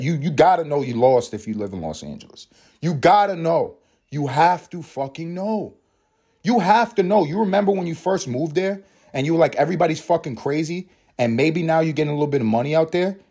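A man hosting his own podcast at home, ranting in a profane, sarcastic way and swinging between loud jabs and low mutters. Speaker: podcast host and father. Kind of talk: solo comedic podcast rant.

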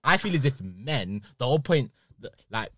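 A young man, co-hosting a podcast and telling stories in animated, casual chat with bursts of laughter. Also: mid-range voice, normal speed, no room sound. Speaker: podcast co-host.

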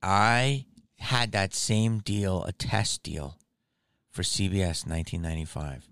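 Deep-voiced podcast host. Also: male voice, unhurried, creaky, fairly bright tone, no room sound, clean studio sound. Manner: casual, swears freely. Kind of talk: casual interview chat.

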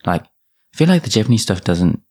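A man's voice: fairly low pitch, big pitch swings, a little fast, a little mellow, slightly rough. A young man with a New Zealand accent hosting a podcast, chatting casually in a rambling way with many fillers and restarts. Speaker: podcast host. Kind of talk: casual chat.

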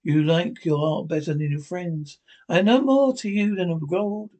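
A man reading as a young, vain gentleman in anguish, pleading and plaintive. The voice sits a little high for a man and stays close to the reader's own. It is a plain audiobook reading. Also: a little slow.

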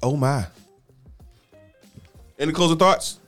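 A man's voice: on the high side, slow, fairly bright tone, soft background music. A married man co-hosting a casual podcast, pressing the others for straight answers. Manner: exasperated, pushes for straight answers. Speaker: podcast co-host. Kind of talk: casual chat.

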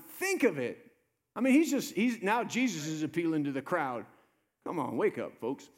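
A male pastor preaching a sermon, swinging between loud urgent appeals and low soft asides. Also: big pitch swings, normal speed. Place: church sanctuary. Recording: live church sermon with long reverb.

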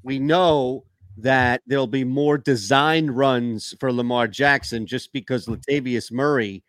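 A man co-hosting a casual sports talk show, joking and animated in quick back-and-forth. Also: mid-range voice, dry recording, clean studio sound.

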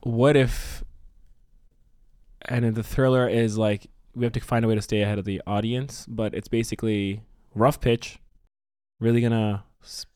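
A male podcast co-host pitches a story idea in loose, rambling sentences peppered with swearing and laughter. His voice sits a bit low. The sound is dry and close. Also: fairly even intonation, moderate pace, pauses often, a little mellow, smooth, dry recording. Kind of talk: casual brainstorming chat.

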